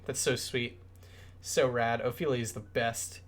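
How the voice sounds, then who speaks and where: Brief: easygoing male game streamer, mid-pitched, chatty and rambling. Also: steady tone, measured pace. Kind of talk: casual gameplay commentary.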